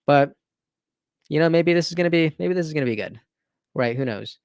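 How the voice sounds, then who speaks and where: A man's voice: a little high, animated, brisk, darkish tone, smooth, no room sound, clean studio sound. A man in his thirties hosting a casual live stream and answering viewer questions, earnest and enthusiastic, often restarting phrases and adding "right?". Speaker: livestream host.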